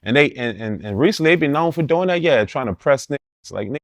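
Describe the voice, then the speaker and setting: A man's voice: a little high, expressive, brisk, dry recording, clean studio sound. A man telling stories as an interview guest, blunt and profane in street slang, laughing as he talks. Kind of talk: casual storytelling in an interview.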